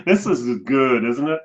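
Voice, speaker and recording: A man's voice: mid-range voice, a bit bright. A man from Germany, hosting a casual whisky live stream and cheerfully explaining words. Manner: friendly, explains words, laughs easily. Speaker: whisky channel host. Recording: muffled lo-fi stream audio.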